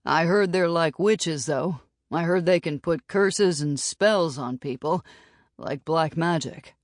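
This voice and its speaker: A woman voicing a calm adult male bounty hunter explaining a legend, in an audiobook. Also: low voice, slow pace, no echo, clean studio sound.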